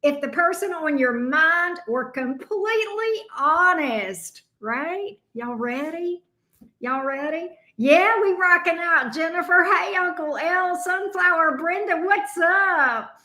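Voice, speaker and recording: A woman's voice: very high-pitched, expressive, slow, bright, forceful tone, echoey room. A woman with a Southern US accent, chatting casually on a live stream as a tarot reader and greeting viewers by name.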